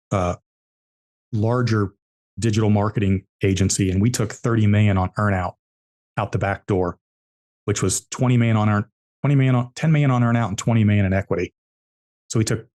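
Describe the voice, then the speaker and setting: Low-voiced man telling business stories. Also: darkish tone. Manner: emphatic, repeats key points. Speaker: entrepreneur guest. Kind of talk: storytelling interview answers.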